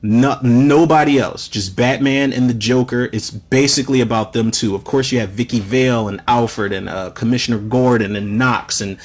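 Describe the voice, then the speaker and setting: A man in his thirties hosting a podcast, casually reviewing films in a profane, animated rant full of fillers. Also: medium pitch, moderate pace, hardly any pauses. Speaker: podcast host, film reviewer. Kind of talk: casual spoken film review.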